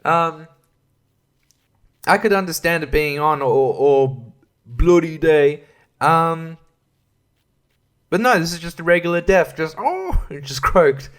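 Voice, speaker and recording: Man, solo podcast host, profane and irreverent rant, slightly higher voice. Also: slow pace, long pauses. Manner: profane, irreverent, laughs mid-sentence.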